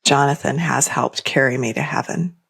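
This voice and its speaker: A middle-aged woman, a podcast guest, telling a personal story in a gentle, unhurried, tender way. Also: rumbling low, gravelly, breathy edge. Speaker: guest author and speaker. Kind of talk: heartfelt storytelling in interview.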